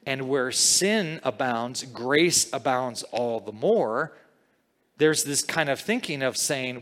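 A man's voice: medium pitch, expressive, takes it slowly, a bit bright, big-room sound. A man preaching a verse-by-verse sermon in a conversational teaching manner, often checking in with the listeners. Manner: conversational teaching, frequent "okay?" and "all right?" check-ins. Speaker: pastor.

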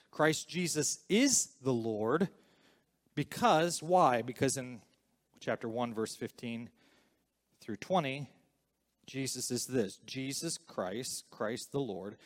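A man preaching a sermon as a pastor, asking the congregation rhetorical questions and building emphasis as he goes. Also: medium pitch. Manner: slow, deliberate preaching with rising emphasis; asks listeners rhetorical questions.

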